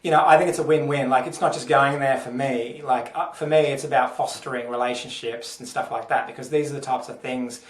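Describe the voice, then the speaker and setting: Aussie actor chatting, thoughtful w lots of ums, sounds far off in an echoey room. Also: male voice, mid-range voice, steady tone, brisk, hardly any pauses. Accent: Australian. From Australia. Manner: earnest, thoughtful, many fillers. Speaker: actor, podcast guest. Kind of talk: casual interview chat. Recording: echoey and distant from the mic.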